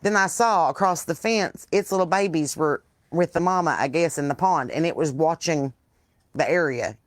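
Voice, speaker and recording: Speaking at a normal speed in a low-sitting voice, a Southern US podcast host chats casually and live from her outdoor porch, swearing freely through her animated, salty stories. The sound is clean studio quality with no room sound.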